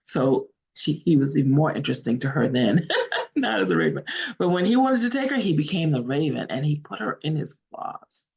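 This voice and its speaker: A woman storyteller narrates a folk tale in an unhurried, earnest manner, sometimes stopping to correct herself. Her voice sits low and husky, with a gravelly fry. She is heard over a video call, and the sound is dull and lo-fi. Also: lively intonation, darkish tone. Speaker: storyteller, guest speaker. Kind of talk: oral storytelling.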